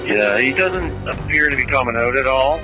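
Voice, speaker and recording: A man's voice: medium pitch, animated, normal speed, rough recording. A man working as a police officer, giving clipped, matter-of-fact updates over the radio. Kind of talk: radio dispatch. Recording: archival radio call over music. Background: music bed.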